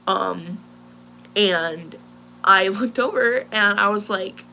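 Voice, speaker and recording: Taking it slowly, a teenage vlogger with a medium-pitched, creaky voice and a bright, forceful tone shares a distressing personal incident with a live audience. She sounds shaken and rambles casually, full of fillers, with slight background noise behind her.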